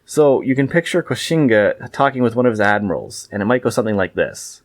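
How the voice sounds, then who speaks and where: A man reading a scripted book review in a measured, wry way. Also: medium pitch, animated, dry recording.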